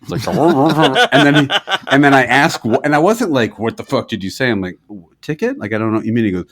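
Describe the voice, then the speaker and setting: A man co-hosting a podcast, telling a story in casual chat, swearing and acting out quotes loudly. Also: medium pitch, animated, a little fast. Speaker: podcast co-host.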